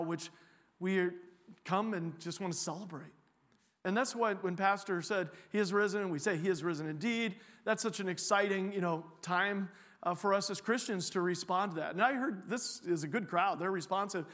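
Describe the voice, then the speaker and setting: A man giving a sermon as a guest preacher in a church, joking and animated, often restarting his sentences. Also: high voice, in a large hall. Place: church sanctuary.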